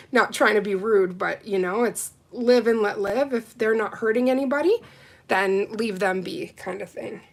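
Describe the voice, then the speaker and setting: A woman's voice: mid-range voice, creaky. A woman hosting a live nail art stream, chatting casually with viewers and reading out their comments. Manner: chatty, reads and answers viewer comments, excitable. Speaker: nail livestream host. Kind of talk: casual livestream chat with viewers.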